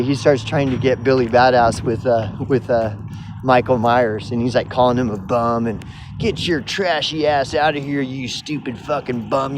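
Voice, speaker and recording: Oklahoman man, mid-pitched voice, excitable, swears constantly, traffic noise behind. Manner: excitable, heavy swearing, rambling. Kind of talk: profane storytelling monologue.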